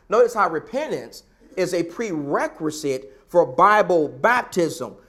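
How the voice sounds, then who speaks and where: A man's voice: on the high side, big pitch swings, a little slow, a bit bright. A man preaching a sermon, emphatic and repetitive, building his points with rhetorical questions.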